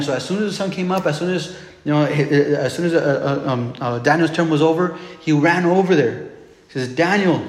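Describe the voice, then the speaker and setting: A man preaching a sermon in a relaxed, conversational way, often restarting and repeating words as he retells a Bible story. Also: fairly high pitch. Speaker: pastor. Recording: echoey hall with long reverb.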